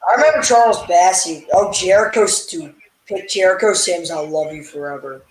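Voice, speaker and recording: A man co-hosting a casual sports chat, excitable and blunt with slangy talk, heard with a roomy echo. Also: high-pitched, moderate pace. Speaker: co-host.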